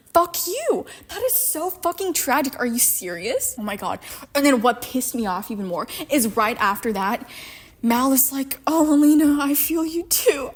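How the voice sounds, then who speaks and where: Fed-up young woman ranting. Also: fairly high pitch. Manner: exasperated, sarcastic, profane. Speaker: book commentary vlogger. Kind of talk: ranting book commentary.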